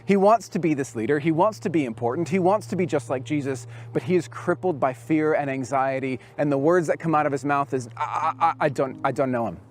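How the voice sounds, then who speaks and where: A man preaching to young people as a camp speaker, telling the story with lively acted-out quotes. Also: fairly high pitch, fairly quick, hardly any pauses, slight background noise. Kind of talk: storytelling sermon to youth.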